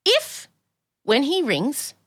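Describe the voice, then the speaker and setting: An Australian woman co-hosting a podcast, telling a story in a lively way and acting out both sides of the conversation. She has a cold. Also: high-pitched, extremely slow. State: sick with a cold. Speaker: podcast co-host. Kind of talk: casual chat.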